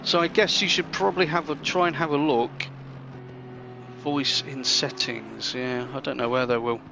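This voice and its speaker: A man's voice: mid-range voice, steady tone, normal speed, vocal fry, noisy background. A man hosting a sim racing live stream, chatting casually and rambling with viewers. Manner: chatty, rambling, friendly banter with chat. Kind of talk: live stream commentary chat.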